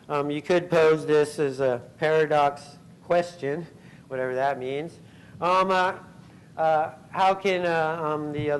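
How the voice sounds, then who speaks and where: A man giving a scientific conference talk, pausing often with ums and uhs and clearing his throat. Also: fairly high pitch, slight background noise, poor audio. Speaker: conference speaker. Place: convention center hall.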